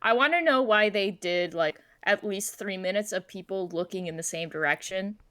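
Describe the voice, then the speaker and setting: A woman's voice: medium pitch, moderate pace, a bit bright, no echo. A woman co-hosting a casual movie review chat, blunt and exasperated in her complaints. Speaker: podcast co-host.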